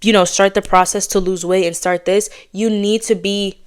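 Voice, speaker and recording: A woman talks on her own podcast in a quick, candid, slangy way. She sounds slightly out of breath as she rushes along. Her voice is smooth and clear, pitched in an ordinary middle range. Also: fairly even intonation. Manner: fast, chatty and blunt, with casual slang. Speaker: podcast host. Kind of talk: candid casual chat.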